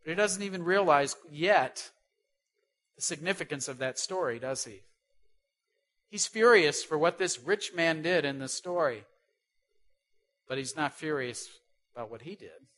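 Bright-voiced male preacher. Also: a little high, animated, a little slow, pauses often. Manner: asks the listeners rhetorical questions; stresses key words, swings between loud and soft. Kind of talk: sermon.

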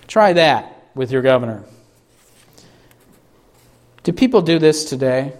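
A man preaching an expository sermon, reading scripture slowly for emphasis and asking the congregation rhetorical questions. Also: medium pitch, expressive, darkish tone. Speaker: pastor.

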